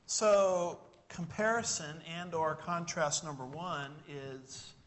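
A man's voice: on the high side, slow pace, a bit bright. A man preaching a sermon to a congregation, emphatic and full of rhetorical questions. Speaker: pastor.

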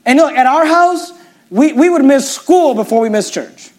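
A man's voice: very high voice, expressive, moderate pace, a little mellow. A middle-aged man, a pastor, preaching a sermon with emphatic, repetitive phrasing.

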